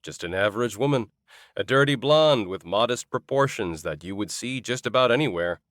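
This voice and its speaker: A man's voice: on the low side, expressive, moderate pace, a bit bright, dry recording, studio quality. A man narrating a comic fantasy novel in the first person, wry and storytelling. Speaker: audiobook narrator.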